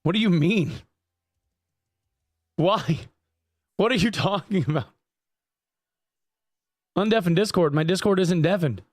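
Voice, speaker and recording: A man's voice: high-pitched, unhurried, pauses often, a little mellow, no room sound. A man streaming live, chatting casually with viewers, jokey and profane. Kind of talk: casual livestream chat.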